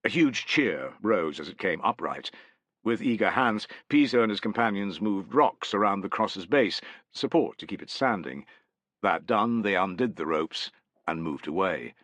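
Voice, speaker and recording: Guy reading an audiobook, lowish voice, lots of swing, dry close sound. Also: a little slow, dry recording. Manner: expressive, dramatic reading. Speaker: audiobook narrator. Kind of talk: audiobook narration.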